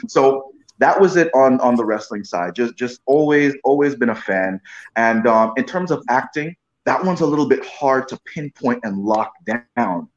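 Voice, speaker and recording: A man's voice: mid-range voice, expressive, moderate pace. Rambling man in a roomy, dull recording. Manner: rambling, frequent restarts, keeps saying "you know what I mean". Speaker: guest actor. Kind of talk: casual storytelling interview.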